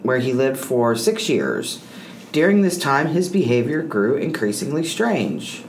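A woman's voice: extremely low pitch, very animated, a little slow, slight background noise, rough recording. A woman co-hosting a podcast, reading case notes aloud with dry, sarcastic asides.

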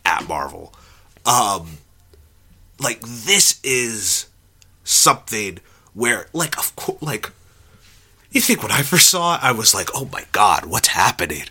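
A podcast co-host talking movies in a loose, casual way. His voice is very bright and swings widely in pitch, jumping up when he jokes. He laughs easily. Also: slow, pauses often, husky. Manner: animated, laughs often, jumps pitch when joking. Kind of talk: casual film chat.

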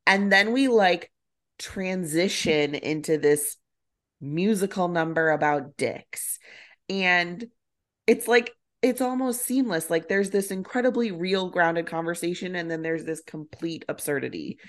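Low voiced woman cohost rambling excitedly about a movie, lots of likes. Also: unhurried. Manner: enthusiastic, lots of fillers. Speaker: podcast co-host. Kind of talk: casual chat.

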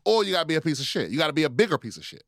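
A man's voice: a little high, sing-song, very fast, dry recording, studio quality. A man co-hosting a podcast, telling stories in a rambling, profane way with many restarts. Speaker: podcast co-host. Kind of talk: casual chat.

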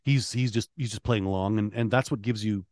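A lower-pitched man talking casually on a music podcast. His speech is halting and full of restarts, and he swears freely while teasing his co-host. The recording is close and dry. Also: darkish tone, no room sound. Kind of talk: casual chat.

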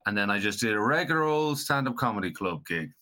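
A man's voice: lowish voice, animated, fast talker, pushed and bright. A man from Galway, a comedian talking dryly on a comedy podcast. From Galway, Ireland. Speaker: comedian, co-host calling in. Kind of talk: casual comedy chat.

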